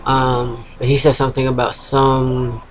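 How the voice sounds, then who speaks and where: A man's voice: mid-range voice, monotone, measured pace, a little hiss or hum, poor audio. A man in his thirties with a fading East Coast US accent, talking frankly in a rambling video diary at home while feverish and sedated. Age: 30s. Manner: rambling, frank, swears casually, self-interrupting. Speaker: vlogger. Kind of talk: casual confessional video diary. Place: at home by a computer.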